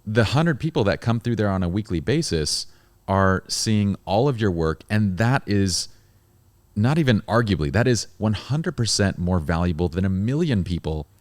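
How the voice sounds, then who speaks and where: Man, podcast host, very deep, dry recording, reflective. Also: animated, normal speed, dry recording. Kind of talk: podcast interview.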